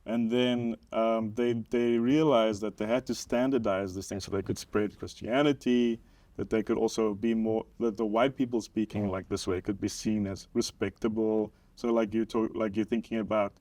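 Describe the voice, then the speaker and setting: Low-voiced South African man explaining. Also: steady tone, moderate pace, a little mellow, no room sound. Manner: explanatory, hedging with many "like"s, laughs easily. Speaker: guest documentary maker. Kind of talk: casual podcast chat.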